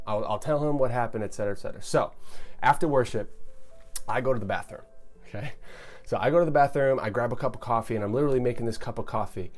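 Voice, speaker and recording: A young man telling a personal story on his channel in an animated, conversational way, often checking in with the listener. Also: lowish voice, quick pace, faint music behind. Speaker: YouTuber.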